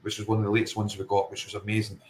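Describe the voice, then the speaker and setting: A man's voice: fairly low pitch, completely flat delivery, very fast, a little hiss or hum, low-quality recording. A Scottish man with a Fife accent, a paranormal investigator guest talking earnestly and emphatically in a casual interview, often circling back to his point. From Scotland.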